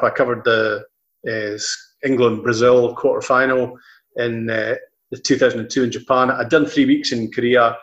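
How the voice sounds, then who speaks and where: A man's voice: medium pitch, a bit bright. A middle-aged Scottish man, a football commentator, telling anecdotes in a rambling interview, with many restarts. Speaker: football commentator and presenter, guest. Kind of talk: casual interview chat.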